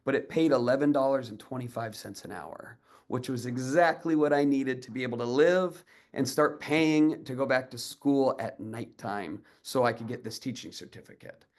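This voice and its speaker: A man's voice: mid-range voice, moderate pace. A man in his thirties, an educator giving a storytelling talk, acting out the voices of people in his story with energy. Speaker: educator and speaker.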